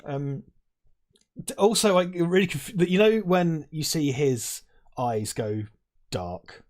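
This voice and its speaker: A man's voice: on the high side, lively intonation, slow. A man riffing casually on a film he is watching, his thoughts wandering and peppered with swearing. He laughs often and talks into a lapel mic. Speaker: film commentary host. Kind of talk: casual watch-along chat. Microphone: lavalier.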